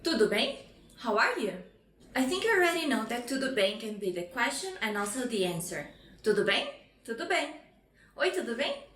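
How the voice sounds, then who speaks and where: A woman from Brazil with a Brazilian Portuguese accent, teaching beginner phrases and repeating them slowly. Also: a little high, very animated, fairly bright tone, reverberant. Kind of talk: bright lesson presentation.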